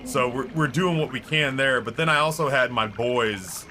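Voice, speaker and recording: A man talks casually into a desk mic while he streams, at an ordinary mid pitch. His delivery is rambling and profane, full of restarts and filler words. A clear layer of noise sits under his voice. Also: moderate pace, pushed and bright. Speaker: Twitch streamer.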